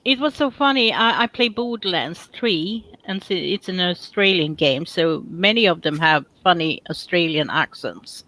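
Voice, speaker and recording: A woman's voice: lowish voice, lively intonation, normal speed, few pauses, pushed and bright, no room sound, rough recording. A woman from Sweden, chatting casually and teasingly on a livestream, giggling often. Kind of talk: casual chat.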